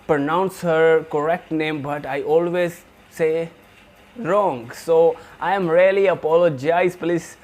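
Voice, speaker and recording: A man's voice: on the high side, fairly even intonation, slow, a little mellow. A man from India with an Indian English accent, hosting a reaction video in eager, simple English. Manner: eager, simple non-native English with restarts. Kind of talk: casual reaction commentary.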